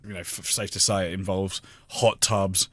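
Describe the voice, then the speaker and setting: A man's voice: low-pitched, little pitch movement, normal speed, a bit bright, dry recording, studio quality. An English man hosting a comedy radio show, joking and mocking himself and laughing often. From England. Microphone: studio microphone.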